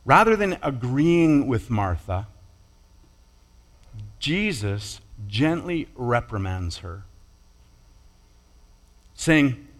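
A man preaching a sermon in a measured, deliberate way, pausing and restarting now and then. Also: medium pitch, sing-song. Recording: long hall reverb.

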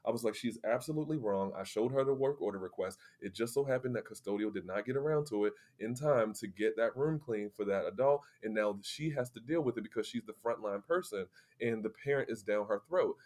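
A man co-hosting a podcast, telling a story in a lively, conversational way and acting out the people he quotes. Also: on the low side, brisk. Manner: animated, acts out quoted people. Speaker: podcast co-host. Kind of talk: casual storytelling chat.

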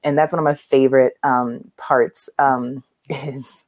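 Her bass voice is steady, a little slow and slightly mellow, captured with no echo. She co-hosts a podcast, talking loosely about a film with lots of fillers, restarts and frequent laughter.

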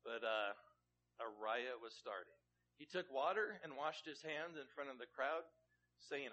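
A man's voice: mid-range voice, unhurried, pushed and bright, poor audio. A man preaching a sermon in a plain, conversational way, asking his listeners questions. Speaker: pastor.

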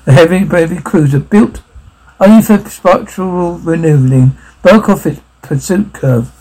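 A man reading a science fiction story aloud, halting, with frequent restarts. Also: on the high side, a little mellow, slightly rough, low-quality recording. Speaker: narrator.

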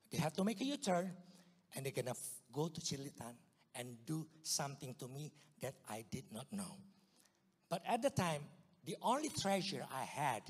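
A man with an Indonesian accent telling his testimony in a church, in a storytelling manner that swings from hushed to loud outbursts. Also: fairly high pitch, slightly rough, long reverb tail. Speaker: guest speaker giving testimony. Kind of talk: sermon testimony.

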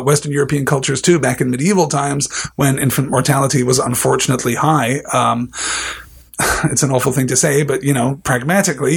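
A man's voice: mid-range voice, vocal fry, husky. A man hosting a live book discussion, talking in a thoughtful, discursive way and reading out listener comments. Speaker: podcast host.

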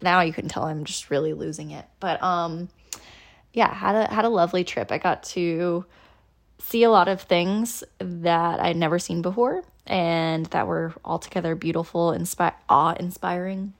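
A woman's voice: on the low side, fairly even intonation, moderate pace. A woman hosting a casual solo podcast, frustrated and close to tears, rambling with many ums and self-deprecating laughs, recorded on an iPhone. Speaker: podcast host.

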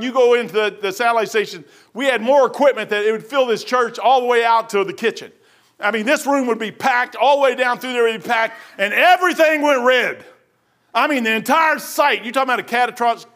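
A preacher, a man with a high, bright voice, delivering a folksy, animated sermon in a church. He slips into casual storytelling and keeps dropping "man" as he goes. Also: a little fast.

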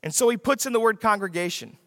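High, bright-voiced male preacher. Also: lively intonation, fast, studio quality. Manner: emphatic, repeats key lines for emphasis. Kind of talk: sermon. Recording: long reverb of a large hall.

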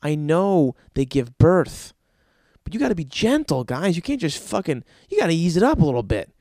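Very animated at a normal pace, a young man with a slightly high, somewhat mellow voice delivers crude comedic stories and rants loaded with profanity on his podcast. There's no echo, and the studio sound is clean.

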